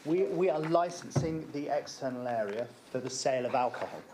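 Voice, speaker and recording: Man, mid-pitched, measured explanation, faint hiss behind. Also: expressive. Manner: measured, repeats words when starting sentences. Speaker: applicant at a licensing hearing. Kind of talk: formal explanation at a council hearing.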